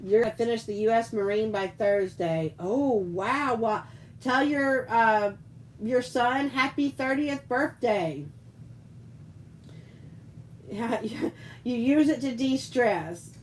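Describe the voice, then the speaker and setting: A woman's voice: fairly high pitch, takes it slowly, a little hiss or hum, low-quality recording. A woman hosting a casual live stream. She chats, reads out viewer comments and tells rambling stories, with frequent laughs. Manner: chatty, rambling storyteller who laughs often. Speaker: livestream host and teacher.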